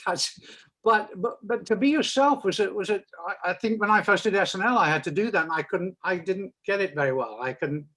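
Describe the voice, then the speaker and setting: An older man, interviewing in a casual conversation, wry and chatty with a halting delivery. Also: high voice, sharp tone, rough recording.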